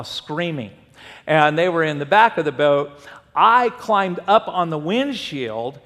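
High-voiced pastor man preaching in a reverberant hall. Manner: animated storytelling, acting out voices. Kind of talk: sermon.

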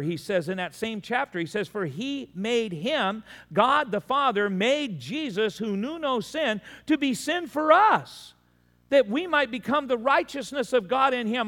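High-voiced male preacher in a reverberant hall. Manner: storytelling, animated, quoting others in dialogue. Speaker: pastor. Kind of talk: sermon.

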